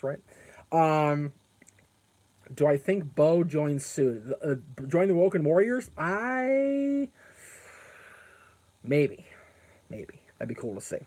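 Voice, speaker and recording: A man's voice: a little high, animated, takes it slowly, pauses often, darkish tone. Rambling man hosting a live stream. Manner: rambling, answers chat comments aloud; frequent fillers and self-corrections. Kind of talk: casual live-stream chat.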